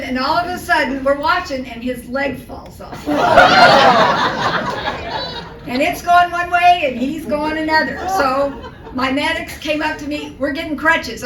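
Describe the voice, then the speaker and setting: An older woman giving a luncheon talk as a guest speaker, telling animated anecdotes with comic timing. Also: high-pitched. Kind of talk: storytelling speech. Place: luncheon hall. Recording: echoey hall from far off, noisy.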